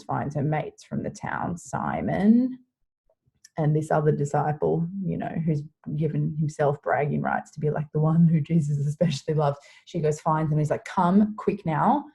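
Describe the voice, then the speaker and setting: A young woman leads a devotion by retelling a scripture story in a casual, animated way. Her voice sits low with a husky, gravelly texture and a mellow tone. She drifts through lots of fillers as she talks it through. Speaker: devotion leader.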